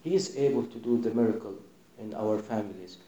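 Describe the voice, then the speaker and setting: A man preaching a sermon with passion, dropping to a hush and then rising loud. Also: on the low side, brisk, roomy sound, muffled recording. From Sudan. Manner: impassioned, swinging between hushed and loud.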